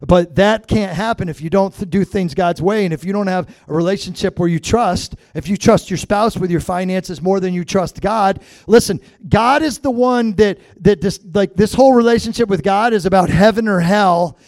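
A middle-aged man preaching as a pastor, blunt and conversational, often turning to the congregation with quick asides. His voice sits high for a man. It is recorded close and dry, with no room echo. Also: a little mellow. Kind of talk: sermon.

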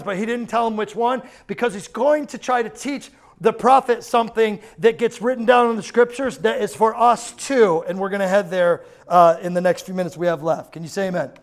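Pastor, male, high-pitched, lively sermon delivery with playful asides. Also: a little fast, hardly any pauses. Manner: animated, acts out quotes, laughs often.

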